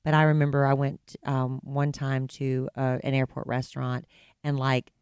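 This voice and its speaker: A woman's voice: a bass voice, completely flat delivery, normal speed, a little mellow, clean tone, no room sound, studio quality. A woman co-hosting a podcast from a hotel room, chiming in and telling her own stories in a chatty way. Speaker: podcast co-host. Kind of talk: casual chat.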